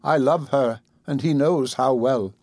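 A man's voice: mid-range voice, dry recording. A man voicing a grieving elderly aunt. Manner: slow, trembling and gentle.

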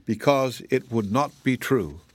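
A man voicing an earnest little girl in a storybook, speaking gravely and plainly. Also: medium pitch, lively intonation, measured pace, dry recording. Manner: grave, explaining.

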